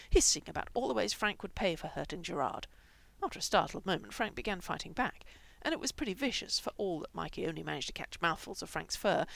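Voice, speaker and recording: A woman reading fan fiction aloud with expressive, animated narration. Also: on the low side, vocal fry, dry recording. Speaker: reader.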